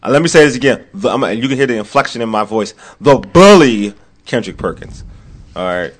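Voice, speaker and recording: Racing along, a man runs a casual sports talk show with animated energy, repeating himself and sinking into low mutters now and then.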